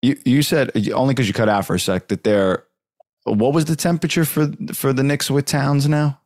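A man's voice: medium pitch, fairly even intonation, normal speed, a little mellow, no room sound, studio quality. A man hosting a casual basketball talk show, rambling with lots of fillers and the odd joke. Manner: rambling, full of fillers and jokes.

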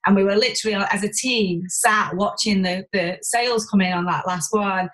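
A woman talking frankly as an interview guest. She rushes through her thoughts, tumbling over restarts and casual swearing. Her voice sits in a middle register. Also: mid-range voice, low-quality recording. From Warrington, England. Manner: rapid, animated, swears freely, many restarts. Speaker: podcast guest, business owner. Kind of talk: candid conversational interview.

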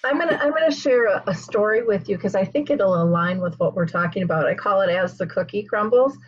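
Husky-voiced woman telling a lively story. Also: mid-range voice, a little fast, dull audio. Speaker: podcast host. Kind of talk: casual interview storytelling.

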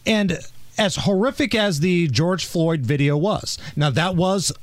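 A man's voice: high voice, unhurried, no echo. A man hosting a talk radio show, blunt and indignant, with a sarcastic edge.

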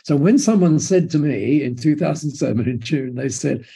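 An Australian man, a business mentor and guest, telling a story in an enthusiastic, expressive way. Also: on the high side, moderate pace, gravelly, husky. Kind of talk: conversational storytelling.

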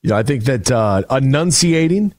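A man hosts a sports radio show, chatting and rambling casually with plenty of fillers. His medium-pitched, darkish voice has lively intonation and a moderate pace, captured on a studio microphone with clean sound and no room echo.

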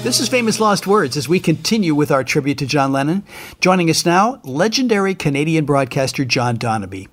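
An older male host with a slightly raised voice introduces a guest and asks curious follow-up questions. He sounds unhurried and engaged, like a broadcaster leading a chat. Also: a little high, very animated, faint music behind. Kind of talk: podcast interviewing.

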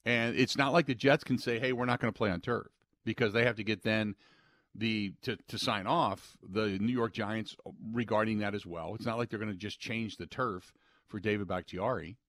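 A man's voice: on the low side, fairly even intonation, moderate pace, fairly bright tone, no echo, studio quality. A man hosting a sports talk radio show, ranting emphatically and acting out what players might say. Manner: emphatic, opinionated, quotes imagined players.

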